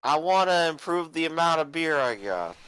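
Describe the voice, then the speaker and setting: A man's voice: on the high side, animated, moderate pace, fairly bright tone, no room sound, voice pushed up, low-quality recording. Man doing a slurring drunk man. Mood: drunken. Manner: slurred, gruff, boozy.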